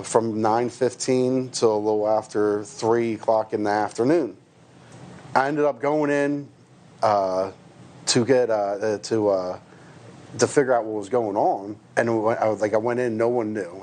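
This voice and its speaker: A man's voice: on the low side, a little mellow. A man from the United States, a truck driver, giving a hesitant personal account with many restarts and fillers.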